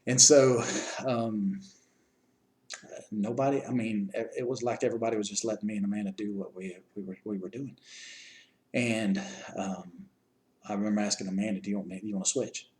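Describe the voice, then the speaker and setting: A man's voice: fairly low pitch, steady tone, normal speed, pauses often, a little mellow, low-quality recording. A man earnestly retelling a rescue to the person he helped save, stopping and restarting often and repeating words. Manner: earnest, plain-spoken. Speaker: eyewitness recounting a rescue.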